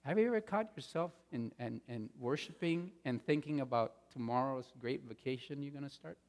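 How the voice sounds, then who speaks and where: Male pastor, mid-pitched, emphatic sermon delivery; long reverb of a large church hall. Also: moderate pace. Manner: emphatic, swings between loud stresses and quiet asides. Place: church sanctuary.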